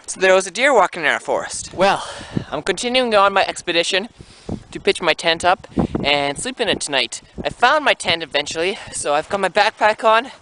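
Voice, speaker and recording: A man's voice: high voice, pushed and bright, slight background noise, low-quality recording. A man from Canada narrating a casual outdoor vlog in a snowy forest, talking through each task and marveling at the scenery. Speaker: vlogger.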